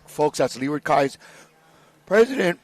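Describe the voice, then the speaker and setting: A man's voice: a little high, very animated, measured pace. A man doing live race commentary in a joking, laid-back way. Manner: joking, laid-back, calls people bro.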